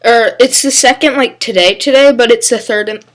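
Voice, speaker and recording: A woman's voice: a little high, normal speed. A young woman hosting her own baseball channel, talking casually with many fillers and restarts, while coughing and hiccuping. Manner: rambling, filler-heavy, self-correcting. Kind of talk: casual solo commentary.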